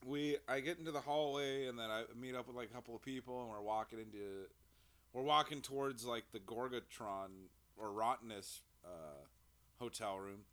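A man's voice: mid-range voice, normal speed, a bit bright, no room sound. A young man in casual chat, rambling through a story with fillers and laughter.

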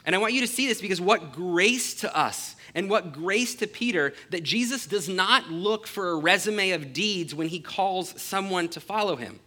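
A man with a bright, forceful voice, pitched a little above most men, preaches an earnest sermon. He reads scripture aloud, then explains it, leaning on key phrases and slowing down to stress them. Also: lively intonation.

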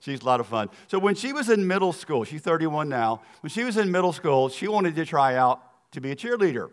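Speaking brisk and sing-song in a higher register, a middle-aged Southerner with a Southern accent gives a guest sermon in a church sanctuary. His folksy, earnest delivery mixes storytelling with asides aimed at the congregation.

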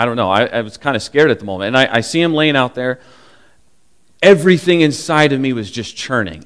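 A man with a slightly higher voice, delivering a sermon. He tells stories earnestly and confessionally, then teaches from scripture in a sincere tone. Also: fairly bright tone. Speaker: preacher.

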